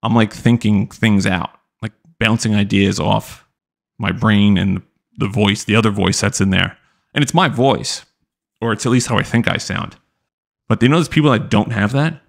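A man's voice: lowish voice, normal speed, gravelly. A young man hosting a live-streamed podcast, telling rambling stories full of fillers. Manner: rambling, animated storytelling with many fillers. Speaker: podcast host. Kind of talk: casual live-stream chat.

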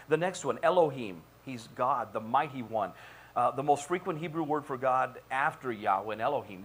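A man's voice: mid-range voice, a bit bright, slight background noise. A male pastor preaching a sermon in a church, building to repeated calls and questioning the congregation. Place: church sanctuary.

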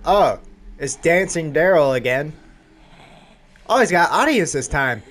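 A man talks through a video game in a high, swooping voice that jumps up in yelps whenever something happens. He speaks slowly between bursts. Loud game noise sits clearly under his voice. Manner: excitable, yelps and talks to enemies. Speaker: gaming channel host. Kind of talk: casual gameplay commentary.

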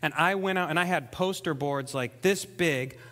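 Man, preaching testimony, fairly high voice, long hall reverb. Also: normal speed. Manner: emotional storytelling, swings between soft and excited. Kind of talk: testimony sermon. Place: church hall.

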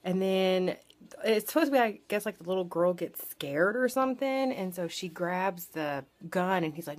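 A woman's voice: lowish voice, expressive, moderate pace, slight background noise. Chatty young woman retelling a movie. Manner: chatty, filler-heavy retelling with lots of "like" and swearing. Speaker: vlogger. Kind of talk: casual movie recap.

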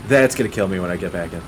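A man's voice: deep voice, slight background noise. A man giving casual gameplay commentary, sarcastic and mock-polite, swearing often as he plays. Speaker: gaming YouTuber.

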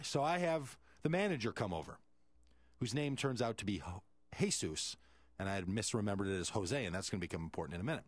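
A man's voice: medium pitch, animated, fast, dry recording. A male radio host, telling a story animatedly and acting out the quoted voices.

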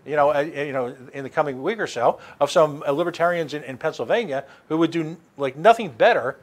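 A man's voice: fairly high pitch, a little fast. A man hosting a radio talk show, speaking animatedly with many restarts and sarcastic asides. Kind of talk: casual political talk.

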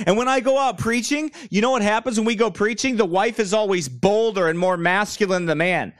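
A man preaching from a chair, blunt and mocking as he wanders into side stories. His voice sits a bit high for a man. The sound is dry and close, with little room echo. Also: lively intonation, fairly quick, few pauses, fairly bright tone. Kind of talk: sermon. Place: church room, speaker seated.

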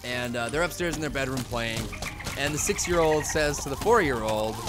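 A man's voice: medium pitch, expressive, moderate pace, music in the background. A young man casually commenting on a video game he plays, rambling, telling jokes and mocking himself. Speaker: gaming YouTuber. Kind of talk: casual let's-play commentary.

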